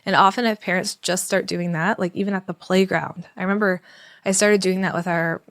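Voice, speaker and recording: A woman in her thirties, a parenting educator, explaining in a relaxed podcast conversation and acting out calm, soothing talk to a child. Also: lowish voice, a little fast, no room sound, studio quality. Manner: acts out parent-child dialogues in a gentle soothing voice.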